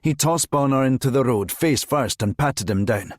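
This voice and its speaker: A man narrating a crime thriller audiobook in a measured, steady reading voice. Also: mid-range voice, no echo, studio quality. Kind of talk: scripted narration.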